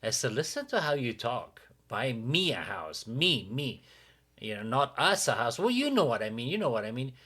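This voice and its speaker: A man co-hosting a podcast, telling a dating story in a casual, animated way and acting out what others said. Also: medium pitch, brisk. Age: adult with a teen-era dating life, father. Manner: animated, acts out quotes of others. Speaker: podcast co-host.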